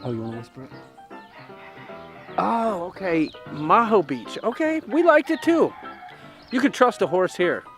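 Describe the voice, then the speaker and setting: A man playing a goofy male roving reporter who questions farm animals in a mock-serious, deadpan way. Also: high-pitched, a little slow, pauses often, faint music behind, heavily acted. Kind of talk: comedic sketch narration.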